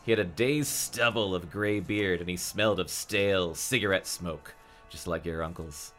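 A man's voice: low-pitched, moderate pace, fairly bright tone, soft background music. A man co-hosting a casual book podcast, rambling with fillers, then reading chapters aloud. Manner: rambling, many fillers and restarts.

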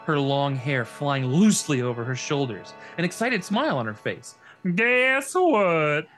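A man's voice: mid-range voice, expressive, moderate pace, faint music behind. A man co-hosting a podcast, casually reading a book aloud and joking, laughing often.

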